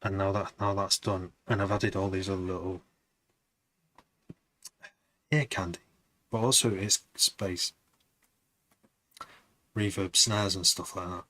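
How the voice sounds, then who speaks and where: A man's voice: low voice, steady tone, moderate pace, long pauses, pushed and bright, slight background noise. A man producing music on a live stream, chatting to viewers in a rambling, casual way.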